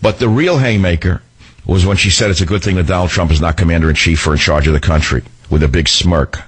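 A man's voice: sits low, quick pace, breathy edge. Combative older male talk radio host. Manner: combative, sarcastic, rambling. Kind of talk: political talk radio monologue.

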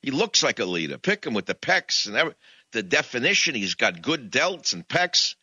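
A man voicing a reluctant, self-pitying Moses who complains in a high, whining voice. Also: very animated, moderate pace, bright, forceful tone, husky, no room sound, dull audio, full character voice. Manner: whining, high-pitched kvetching.

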